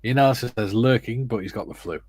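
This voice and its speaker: A man's voice: mid-range voice, fast, darkish tone, breathy edge, no room sound. A man recovering from the flu, casually reading out viewer comments as co-host of a livestream over a video call. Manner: reads out viewer comments, laughs often. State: recovering from flu, phlegmy chest.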